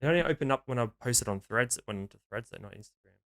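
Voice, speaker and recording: A man, co-hosting a podcast in casual chat, laid-back, swearing offhandedly and reading articles aloud haltingly. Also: mid-range voice, expressive, a bit bright, dry recording, clean studio sound. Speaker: podcast co-host.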